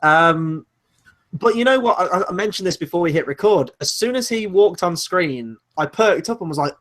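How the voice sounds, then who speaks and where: A man co-hosting a film podcast, chatting casually in an animated, rambling and sarcastic way. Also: sits high, moderate pace. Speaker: podcast co-host. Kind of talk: casual film review chat.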